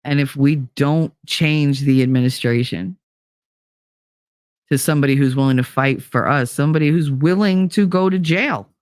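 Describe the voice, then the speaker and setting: A woman's voice: low voice, moderate pace, a little mellow, no room sound, clean studio sound. A woman in her fifties hosting a live-stream, ranting bluntly and emphatically with frequent profanity while reading out viewer comments.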